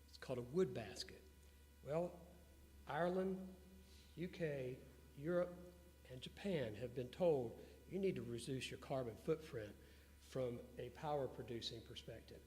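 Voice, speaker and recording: A man being interviewed before an audience, telling business stories in an animated way and putting questions to the crowd. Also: medium pitch. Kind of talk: storytelling talk to an audience. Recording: long hall reverb with faint hum.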